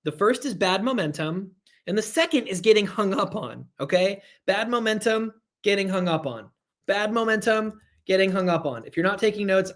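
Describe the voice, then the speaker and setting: A man with a somewhat high voice leads a live online sales training. He talks with energy, hammers his points home by repeating them and chats with viewers as he goes.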